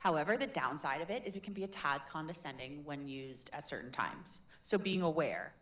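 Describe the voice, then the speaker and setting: A woman coaching public speaking in a live workshop, energetic and playful, demonstrating different voices. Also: sits low, brisk. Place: workshop room with audience.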